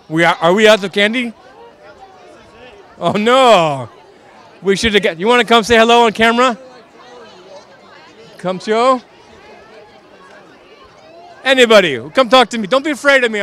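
A man with a high, light voice chats cheerfully with costumed kids outdoors, coaxing them onto camera. He jokes in the role of a harmless vampire count, with a murmur of people around him. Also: fairly bright tone. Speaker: community TV street interviewer. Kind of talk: casual street interviews with costumed children. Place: outdoors at a street Halloween parade.

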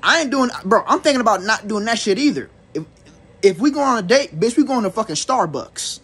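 A man's voice: high-pitched, lively intonation, a little fast, a bit bright, slightly rough. A young man telling a rambling, profane storytime rant to his viewers. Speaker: vlogger.

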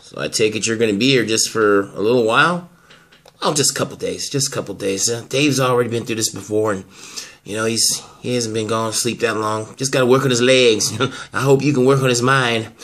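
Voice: mid-range voice, a little fast, a bit bright, natural voice. A performer voicing a friendly grown man who works as a therapist, easygoing and chummy, in amateur soap-opera acting.

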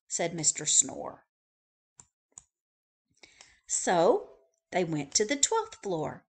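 Woman librarian, kids' storytime read-aloud, slow and very animated, sound effects. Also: lowish voice. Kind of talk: children's picture book read-aloud.

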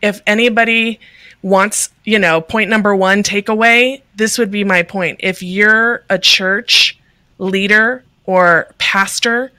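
An earnest woman speaks in a loose, conversational way over a video call, full of fillers. Her voice is bright and forward, with a dry, close sound and no room around it. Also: mid-range voice, steady tone, slow pace, no echo. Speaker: guest, ministry leader. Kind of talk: casual video-call interview.

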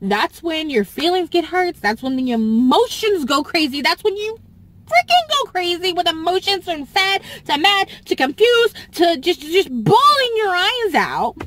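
A woman with a high voice talks straight to camera in a personal vlog. She is tearful and speaks slowly, stopping, restarting and repeating whole phrases as she goes. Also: big pitch swings, a bit bright. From Southern US. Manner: halting, repeats herself, restarts often. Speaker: YouTuber.

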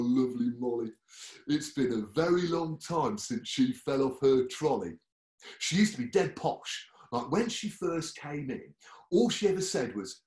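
A man puts on a brash British male nurse who is chatty and cheeky. His voice swings loud and lively as he mimics others, and the room echoes. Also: medium pitch.

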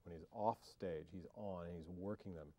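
In a dry recording, a man with a low, mellow voice talks at a moderate pace about his acting career during an interview. The film actor comes across as wry and relaxed, joking and drifting into fillers and restarts.

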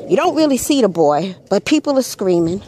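A woman's voice: medium pitch, big pitch swings, brisk, warm tone. A woman hosting her own channel, retelling a story in blunt, profane, casual commentary and punctuating her points with an emphatic "Hello.". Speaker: channel host.

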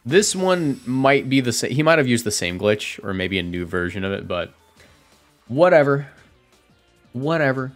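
Male streamer, mid-pitched, casual play-by-play of his own games, faint music behind. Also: expressive, normal speed, hardly any pauses. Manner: chatty, self-correcting, reacts out loud. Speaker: competitive game commentator. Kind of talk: casual gameplay commentary.

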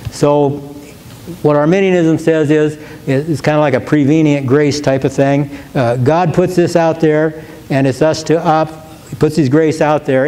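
A pastor in a church, earnestly teaching. His voice sits a little high for a man, yet it sounds dark and mellow. He stresses key words slowly and often restarts his phrases as he thinks. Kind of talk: question-and-answer teaching.

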